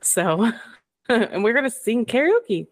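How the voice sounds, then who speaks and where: A woman's voice: on the high side, very animated, slow pace, no room sound. A woman in her thirties co-hosting a chat podcast, rambling and laughing through her stories. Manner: giggly, rambling, lots of laughing asides. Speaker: podcast co-host. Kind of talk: casual chat.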